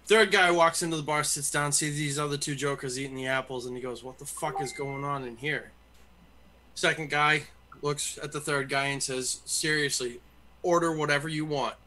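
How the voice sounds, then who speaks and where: A man on a casual panel telling a crude bar joke, with a lively punchline delivery. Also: a little high, moderate pace, slight background noise. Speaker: panel member.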